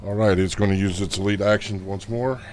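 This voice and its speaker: Low-voiced man running a tabletop game. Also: fairly even intonation, moderate pace, a little mellow, slight background noise. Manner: vivid combat narration, casual rules talk. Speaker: game master.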